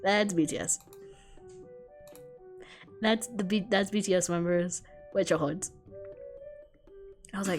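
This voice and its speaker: A young woman streamer reading a visual novel aloud with quick, profane, self-deprecating banter. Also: fairly low pitch, steady tone, soft background music.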